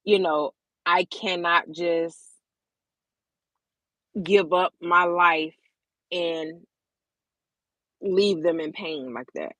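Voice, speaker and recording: A woman's voice: fairly low pitch, drawn-out words, pauses often, a bit bright, dry recording. A woman vlogger speaking openly and emotionally to her viewers, repeating words for emphasis. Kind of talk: candid personal talk to camera.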